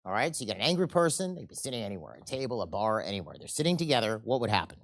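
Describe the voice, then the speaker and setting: Leading a sales seminar, a presenter talks in a relaxed, chatty way at an ordinary middle pitch, often pausing to question the audience and wandering into anecdotes. He speaks very fast, and the close, dry recording has no echo.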